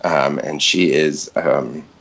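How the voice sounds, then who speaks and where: A man's voice: rumbling low, fairly even intonation, takes it slowly, a bit bright. A man in his thirties, a podcast guest, telling a personal story casually, rambling and often interrupting himself with fillers and asides.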